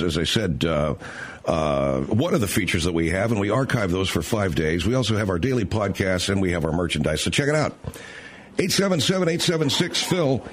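A man hosting a late-night radio talk show, rambling and hesitant with many fillers and restarts as he reads out the number and sets up a story. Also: mid-range voice.

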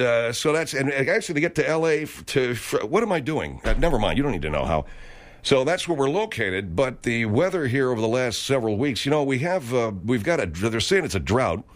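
Rambling, stammering radio host man. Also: medium pitch. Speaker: radio talk-show host. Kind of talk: comedic radio talk show.

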